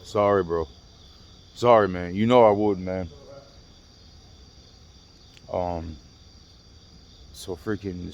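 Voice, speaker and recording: A low, gravelly man rants through a casual vlog, cursing constantly and circling back on his own sentences. His voice is deep and rough with fry, and a faint hiss sits behind him outdoors at night, with crickets chirping. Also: a little mellow. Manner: profane, restless, repeats himself. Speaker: vlogger. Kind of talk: rambling casual storytelling.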